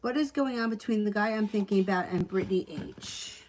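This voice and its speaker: A woman at home runs a casual tarot livestream and calls out readings in a relaxed, matter-of-fact way. She uses plenty of easy fillers. Faint noise sits under her voice. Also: medium pitch, fairly quick, poor audio. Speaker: tarot reader.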